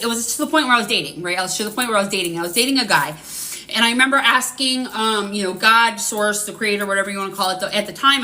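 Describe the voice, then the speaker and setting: A woman's voice: a little high, pushed and bright. A woman hosting a live spiritual reading, rambling and swearing casually with lots of fillers. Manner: rambling, profane, full of fillers.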